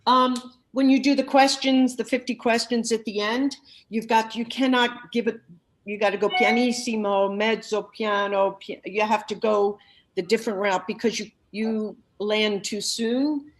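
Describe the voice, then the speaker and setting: Woman vocal coach, bright higher voice, effusive, breaks into sung snippets mid-feedback. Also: steady tone, normal speed. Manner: effusive, sings snippets of the lyrics while explaining. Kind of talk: masterclass feedback.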